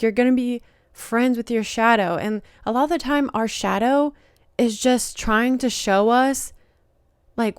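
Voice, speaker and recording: A woman's voice: a little high, clear, resonant tone, dry recording, clean studio sound. A young woman hosting a podcast, talking casually about self-help and healing, filling her speech with "like" and "you know". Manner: chatty, heavy use of "like" and "you know". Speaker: podcast host.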